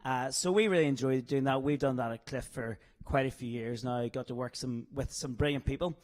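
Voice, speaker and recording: A man's voice: mid-range voice, a little fast, a little mellow. A man with a Northern Irish accent chatting casually in an interview, jokey and self-deprecating, chuckling often. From Northern Ireland.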